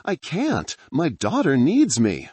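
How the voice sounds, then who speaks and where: A man's voice: on the high side, huge pitch swings, slow pace, a little mellow, slightly rough, dry recording, voice pushed up, heavily acted. A man voicing a desperate middle-aged father who is a doctor, speaking urgently and insistently.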